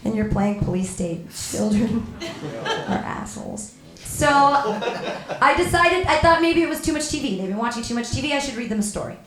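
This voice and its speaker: A woman performing a stand-up comedy set, deadpan with sudden loud outbursts. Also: a little high, normal speed, reverberant, crowd noise.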